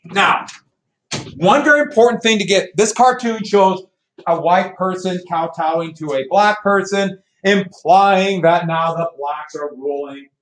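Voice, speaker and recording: A man's voice: high-pitched, a little slow. A male history teacher lecturing a class in a chatty, teasing way. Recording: echoey classroom from far off, faint noise.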